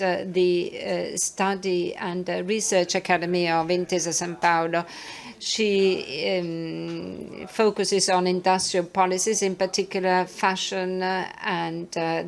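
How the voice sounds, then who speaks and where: A woman interpreting a conference talk, halting and hesitant, with many filler sounds between words. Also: lowish voice, creaky.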